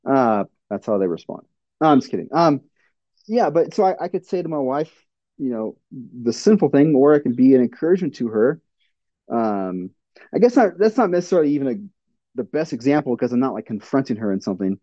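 A man's voice: medium pitch, animated, brisk, dark tone, dry recording, dull audio. A middle-aged man teaching in a plainspoken sermon style, earnest, with frequent fillers and restarts. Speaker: pastor.

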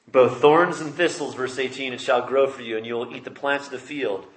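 A man's voice: mid-range voice, fairly even intonation, fairly quick, echoey room. A man preaching a sermon, reading scripture aloud and explaining it with emphatic rises. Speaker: pastor. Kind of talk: expository sermon.

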